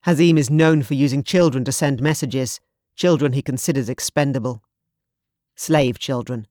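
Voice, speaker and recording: A storybook narrator voicing a fierce, protective young husband who speaks firmly and grimly. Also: male voice, mid-range voice, moderate pace, darkish tone, dry recording, clean studio sound, lightly acted. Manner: firm, grim, commanding.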